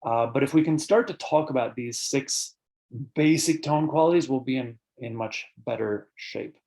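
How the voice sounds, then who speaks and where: Male presenter, mid-pitched voice, explanatory lecture style with filler words, answers questions from an online audience. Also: moderate pace, gravelly, darkish tone. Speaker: birding author and presenter.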